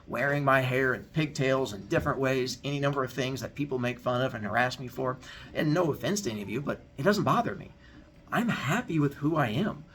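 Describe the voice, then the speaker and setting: A man's voice: mid-range voice, a bit bright. A male teacher giving a heartfelt, candid talk to his students, telling a personal story in an earnest way.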